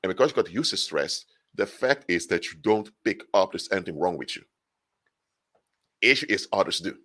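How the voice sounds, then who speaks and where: A man giving an animated solo monologue, explaining through hypothetical examples, often restarting and correcting himself mid-sentence. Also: low-pitched, normal speed. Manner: frequent restarts and self-corrections. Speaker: spiritual commentator.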